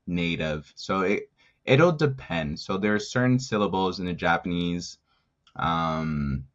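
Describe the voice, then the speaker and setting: Deep-voiced man, casual interview guest. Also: muffled recording. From New Jersey, USA. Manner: rambling, frequent fillers and tag questions.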